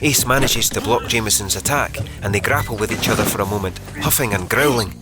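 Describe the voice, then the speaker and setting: A man reading a novel aloud as narrator in a measured, vivid storytelling manner. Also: on the low side. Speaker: audiobook narrator. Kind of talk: scripted narration.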